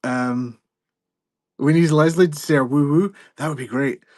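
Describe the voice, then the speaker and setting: With a slightly high, darkish voice at normal speed, the livestream seller host keeps up a jokey, meandering patter, often interrupting himself. The sound is clean studio audio with no room sound.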